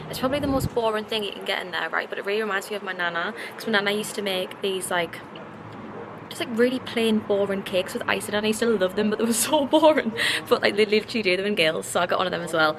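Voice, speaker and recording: A woman in her twenties chatting casually to camera in a vlog, animated and chatty as she tells stories with laughs. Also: medium pitch, noisy background. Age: 20s. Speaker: vlogger. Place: out and about, shops and street.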